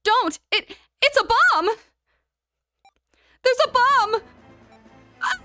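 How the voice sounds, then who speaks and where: A frightened young surgeon shouts in shrill, panicked bursts, played by a woman. His voice jumps up high with every cry. He sounds desperate for a way out. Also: sing-song, very slow, faint music behind, heavily acted.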